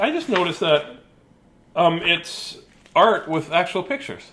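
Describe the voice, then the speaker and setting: Middle-aged man, playful bedtime-story reader, raised pitch, very lively sing-song delivery, goofy asides. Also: measured pace, slight background noise.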